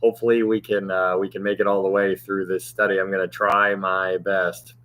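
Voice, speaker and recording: A man's voice: low-pitched, flat delivery, normal speed, a bit bright. A man hosting a livestream Bible study, chatting casually and thanking viewers by name, his voice strained and cutting out. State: strained voice that cuts out.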